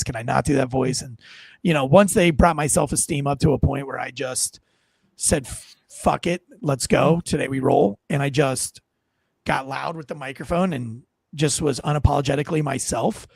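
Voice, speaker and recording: A man hosting a podcast in casual chat, rambling and animated, often poking fun at himself, on a close studio mic. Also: a little high, vocal fry, no echo. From North Carolina. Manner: rambling, animated, self-deprecating. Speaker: podcast host.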